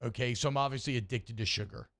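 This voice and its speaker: A man's voice: mid-range voice, quick pace, gravelly. A man co-hosting a sports radio show, chatting casually and ranting with rising energy. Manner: animated, rambling, rants with rising energy.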